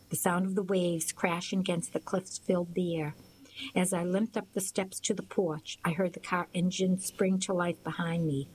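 A woman narrating a first-person novel as an audiobook, in a steady storytelling manner. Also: on the low side, a little hiss or hum, low-quality recording.

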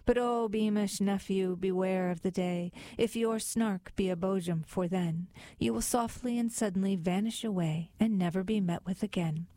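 A woman's voice: medium pitch, normal speed, few pauses, dark tone, dry recording, lightly acted. A woman voicing a timid, tearful male baker in a storybook poem, anxious and plaintive.

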